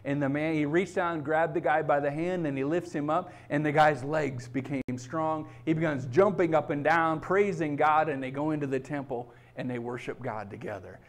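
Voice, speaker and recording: Middle-aged guy preaching, kinda high voice, emphatic, keeps asking okay?. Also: normal speed, few pauses. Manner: emphatic, repeats "okay?" to the congregation. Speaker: pastor. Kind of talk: sermon.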